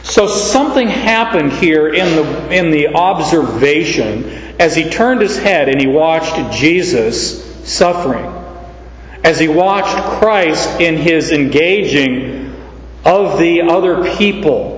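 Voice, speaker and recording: A man preaching in a church sanctuary, reading verses aloud and explaining them with slow, unhurried earnestness. His voice sits a little high for a man and rings out with a long, echoey reverb. It sounds as if it is picked up from a distance across a large room. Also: lively intonation, slight background noise. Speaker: pastor. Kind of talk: sermon.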